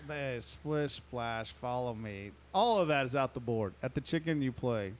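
A man's voice: mid-range voice, a little slow. A man co-hosting a casual podcast, chatting in a dry, joking way. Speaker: podcast co-host. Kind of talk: casual chat.

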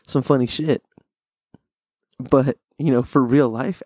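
A man's voice: medium pitch, fairly even intonation, takes it slowly, long pauses, a little mellow, no echo. A young man hosting a podcast, chatting casually in a rambling, profane way, laughing often. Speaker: podcast host. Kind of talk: casual chat.

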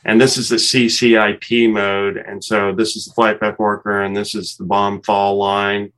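A man, a former fighter pilot, calmly explaining cockpit footage step by step and laughing at himself now and then. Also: lowish voice, normal speed, low-quality recording. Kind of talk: walking through cockpit footage.

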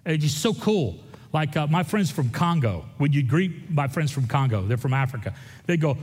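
A pastor preaching a lively sermon, full of jokes and quick asides to the congregation. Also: male voice, a little high, breathy edge. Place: large church hall. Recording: echoey hall, from far off.

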